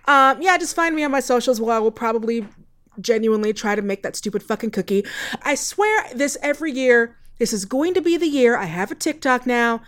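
Rambling, cursing woman co-host. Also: a little high. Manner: profane, rambling, laughs often. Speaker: podcast co-host. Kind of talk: casual podcast chat.

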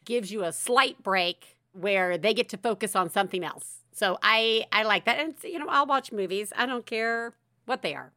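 A woman's voice: mid-range voice, smooth, no room sound, clean studio sound. A woman hosting a podcast from home, chatting casually and animatedly, laughing often. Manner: animated, laughs often, shouts quoted lines. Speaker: podcast host.

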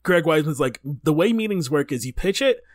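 A man co-hosting a comedy podcast, retelling a story in casual chat, joking and laughing, slipping into quick silly voices. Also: a little high, lively intonation, dry recording, clean studio sound. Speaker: podcast co-host.

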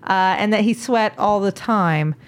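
A woman's voice: medium pitch, measured pace. Woman, podcast host, casual storytelling, giggly, amused.

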